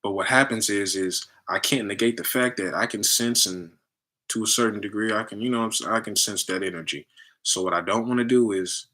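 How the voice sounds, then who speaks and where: A man with a low, bright, forceful voice talks loosely to his listeners. He acts out the people in his stories in high voices and comes back to plain talk in between. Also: a little fast. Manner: animated storytelling, acts out others in high voices; loose conversational slang. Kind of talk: casual spiritual talk.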